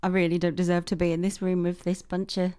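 A woman chatting casually as a podcast co-host, mostly agreeing and adding soft reflections. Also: fairly low pitch, little pitch movement, quick pace, smooth. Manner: agreeable, prone to soft backchannel replies. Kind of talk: casual chat.

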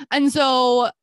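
A woman co-hosting a podcast, telling a story in casual chat and acting out the back-and-forth of a conversation. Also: sits high. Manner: animated storytelling, acting out quoted exchanges with frequent "I'm like". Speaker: podcast co-host.

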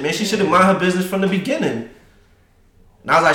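A man co-hosting a podcast, telling a story in lively, profane casual chat. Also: on the high side, quick pace, reverberant. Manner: animated storytelling, heavy swearing. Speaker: podcast co-host.

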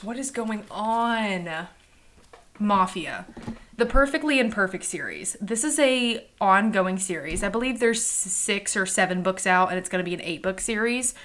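A woman's voice: medium pitch, a bit bright. A young woman hosting a casual book-review podcast from home, candid and chatty, swearing freely and talking straight to her listeners. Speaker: podcast host. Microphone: home recording by a front window.

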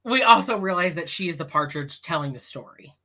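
Woman, podcast co-host, sarcastic, blunt, low voice, very lively intonation. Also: a little fast. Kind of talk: casual recap chat.

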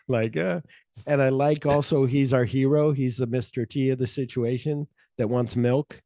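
A man talking casually about a movie with a mellow, warm tone, recorded dry and close. He rambles along, slipping into quick quoted voices to act out scenes, and swears freely. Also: medium pitch, no echo. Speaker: podcast co-host. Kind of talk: casual chat about a film.

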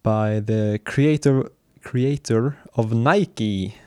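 A man chatting casually about books he is reading, relaxed and hesitant, with many fillers and restarts. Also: mid-range voice, extremely slow, a little hiss or hum.

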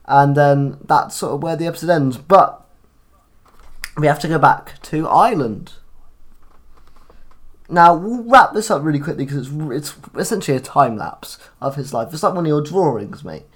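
A man's voice: on the high side, lively intonation, normal speed. A man co-hosting a podcast, chatting casually about a TV episode, laughing often and rambling with restarts. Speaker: podcast co-host. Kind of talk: casual chat recapping a TV episode.

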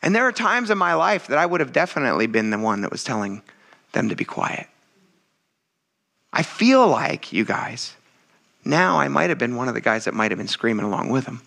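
A man preaching a sermon in a casual, conversational way, often turning to his listeners and building to loud exclamations. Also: mid-range voice, gravelly. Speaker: pastor.

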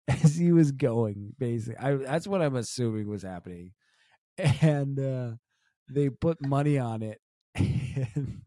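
A man's voice: mid-range voice, lively intonation, measured pace, warm tone, no room sound, clean studio sound. A young adult man co-hosting a podcast, chatting casually and rambling with many restarts and fillers. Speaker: podcast co-host. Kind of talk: casual chat.

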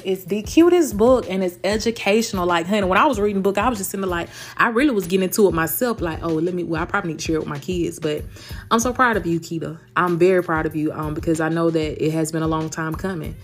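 A woman, hosting a motivational solo podcast in an animated, emphatic way, full of endearments. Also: lowish voice, faint music behind. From United States. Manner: fast-talking. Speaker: podcast host.

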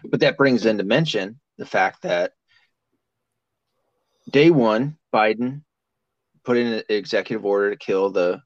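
A man's voice: fairly low pitch, a little slow, pauses often, no echo. A man in casual podcast chat, talking in a rambling, profane way and laughing often. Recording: dull lo-fi sound.

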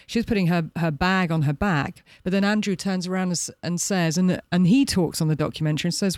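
A man's voice: sits high, fairly quick, few pauses, clear, resonant tone, no room sound, studio quality. A man co-hosting a casual podcast, animatedly retelling events from a documentary and acting out the quotes. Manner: animated storyteller, acts out quotes. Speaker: podcast co-host. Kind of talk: casual chat recounting a documentary.

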